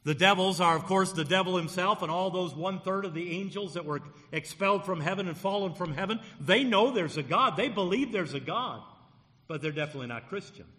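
A man's voice: high-pitched, a little fast, pushed and bright, long reverb tail. A man preaching a sermon as pastor, pressing hard on key words to drive his points home.

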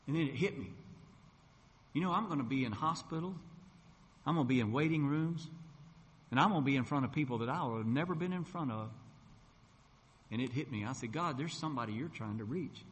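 A man's voice: mid-range voice, lively intonation, brisk, pauses often. A middle-aged man, a gospel singer and preacher, telling his personal testimony in a folksy storytelling way. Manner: folksy storytelling, acts out quoted voices. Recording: long hall reverb.

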